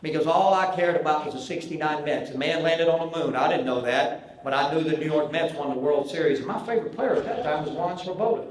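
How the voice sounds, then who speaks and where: A man's voice: on the high side, fast talker. A man in his sixties with a Southern US accent, telling a humorous story at a banquet and acting out the dialogue. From American South. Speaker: banquet speaker, former pitcher. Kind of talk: humorous after-dinner storytelling. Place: large banquet hall. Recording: very echoey banquet hall.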